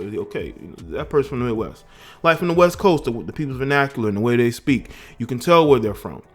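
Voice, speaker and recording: A man raised in the American South holds forth on his vlog with emphatic, indignant political commentary. His voice sits at an ordinary middle pitch, and he often restarts phrases as he builds his point. Faint music plays quietly underneath.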